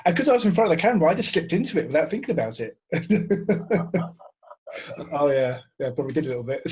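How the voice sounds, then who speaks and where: A man's voice: on the high side, sing-song, fairly quick, a little mellow, slightly rough. A middle-aged man, a TV presenter hosting over a video call, talking in a friendly, reflective way with stammered starts. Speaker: host and TV presenter. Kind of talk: casual video-call conversation.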